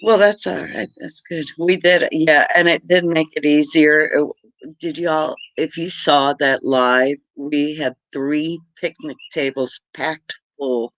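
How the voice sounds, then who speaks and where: A middle-aged man from Britain chats slowly and easily through a homestead livestream, greeting viewers by name and laughing often. His voice is bright and sits somewhat high for a man, and the sound is dry and close. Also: steady tone, no echo, low-quality recording. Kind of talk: casual livestream chat.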